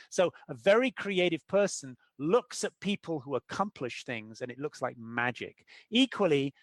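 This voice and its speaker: A middle-aged man, a guest in an interview, explains his ideas in a slightly high voice at normal speed with few pauses, in a dry recording. He's an animated storyteller who acts out the people he quotes.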